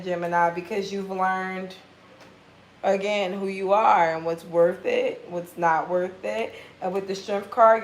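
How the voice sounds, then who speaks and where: A woman giving a casual tarot reading in a blunt, profane, animated way. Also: medium pitch, echoey room, slight background noise, low-quality recording. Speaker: tarot reader.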